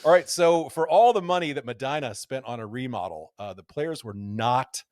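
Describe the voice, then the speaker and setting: A male podcast host telling a story in a wry, joking manner. His voice swings widely in pitch as he reads out quotes with relish. The recording is close and dry, with no room sound. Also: expressive, normal speed, a little mellow, no echo.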